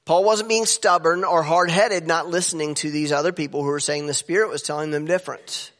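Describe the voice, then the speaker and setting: A high-pitched man delivers a sermon from the pulpit, leaping upward in pitch to stress his points. His voice rings with a long reverb in a church hall. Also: brisk. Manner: animated preaching with sudden pitch jumps for emphasis. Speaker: pastor.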